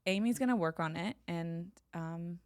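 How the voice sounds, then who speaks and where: A woman's voice: lowish voice, moderate pace, no echo, clean studio sound. A woman co-hosting a podcast in casual chat, playful and teasing, with a slight lisp and frequent laughter. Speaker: podcast co-host.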